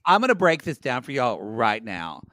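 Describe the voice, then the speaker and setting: A man's voice: medium pitch, big pitch swings, moderate pace, bright, forceful tone, no room sound, clean studio sound. A man co-hosting a podcast, chatting casually and playfully, riffing bits and calling listeners y'all. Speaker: podcast co-host. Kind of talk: casual comedic chat.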